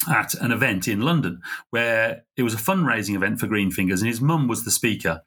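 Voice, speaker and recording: A middle-aged man, a podcast guest, telling a heartfelt story in an earnest, halting way. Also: on the low side, animated, a bit bright, slightly rough. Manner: earnest, halting, full of fillers and restarts. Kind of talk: conversational storytelling.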